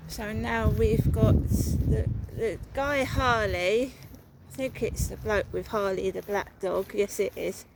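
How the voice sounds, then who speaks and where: A woman's voice: medium pitch, takes it slowly, creaky, heavy background noise. A woman narrating a walking vlog outdoors, talking in a rambling, repetitive, suspicious way. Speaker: vlogger. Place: outdoors, walking through a town.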